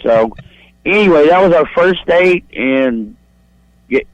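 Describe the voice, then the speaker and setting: A man's voice: fairly high pitch, expressive, slow, dry recording. A man calling in to a radio talk show, telling a long profane story in a crude, rambling, boastful way. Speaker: caller. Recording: dull lo-fi phone line.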